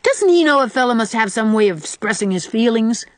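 A woman's voice: on the high side, lively intonation, fairly quick, dry recording, voice pushed up, lightly acted. A woman reading the part of a defiant nine-year-old boy who talks back recklessly and boasts.

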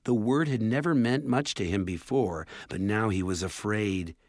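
A man narrating a storybook in a measured, steady way. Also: fairly low pitch, dry recording, studio quality. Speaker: audiobook narrator. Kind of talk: scripted narration.

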